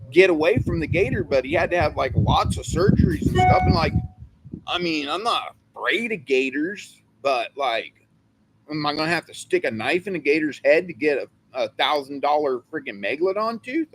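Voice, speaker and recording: Rambling jokey co-host, a man from California, pitched a bit high and very animated. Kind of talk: casual livestream chat.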